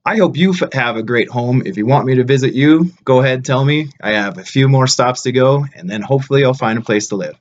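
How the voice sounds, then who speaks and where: A man's voice: medium pitch, fairly quick, few pauses, dull audio. A man talking casually to camera as a travel vlogger, blunt and ranting with plenty of swearing. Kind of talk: casual vlog chat to camera.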